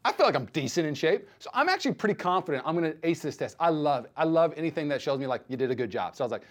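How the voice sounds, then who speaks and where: A male pastor in his thirties delivers a sermon at a rapid clip, his voice sitting a bit high for a man. He tells stories with lively acted-out dialogue, switching into the voices of the people in them. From United States. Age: 30s. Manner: animated storytelling, acts out quoted voices.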